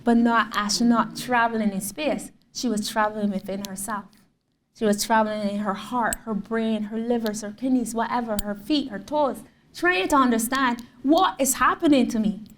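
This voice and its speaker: In a public lecture in a lecture hall, a guest artist from Barbados, likely in her thirties, speaks at a moderate pace in a voice a little on the high side. She tells her story with animation and acts out people's words. The recording has a roomy, distant-mic sound with faint room noise.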